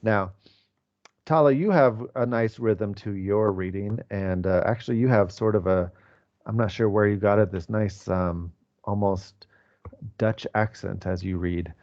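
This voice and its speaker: A man's voice: lowish voice, measured pace, a little mellow, muffled recording. A man in his forties teaching an online English class, patient and explanatory with many fillers. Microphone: video call.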